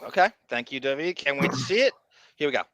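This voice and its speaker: A man hosting a casual livestream podcast, talking in an animated way, laughing often and reading viewer messages aloud. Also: medium pitch, quick pace, heavy background noise. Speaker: podcast host.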